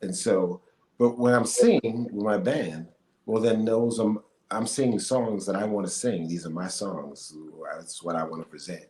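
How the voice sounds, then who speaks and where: A man's voice: fairly low pitch, normal speed. A middle-aged man, an actor and singer, chatting as an interview guest, telling stories with lots of fillers and laughs. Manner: animated storyteller, laughs often, many fillers. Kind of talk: casual interview chat. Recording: echoey room with faint noise.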